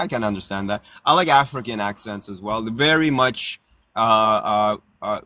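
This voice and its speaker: A man hosting a casual chat, rambling and animated, laughing often as he talks. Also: on the low side. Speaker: podcast host. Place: parked car outdoors.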